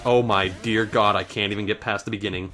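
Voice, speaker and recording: A man giving let's play commentary in frantic self-talk, swinging between panic and calming himself down. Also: lowish voice, fairly quick. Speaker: let's player. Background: faint game music.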